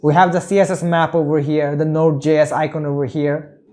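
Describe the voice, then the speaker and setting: A man's voice: fairly high pitch, level tone, a little fast, warm tone. A man teaching web development in a screen-recorded tutorial, talking through each click and often checking in with "okay?". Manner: talks through each click, repeats "okay?" and "over here".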